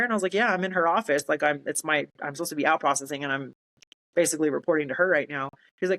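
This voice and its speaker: A woman's voice: on the low side, fast talker, fairly bright tone, rough recording. A woman, a military veteran telling her story in casual talk, acting out quoted voices and laughing in disbelief.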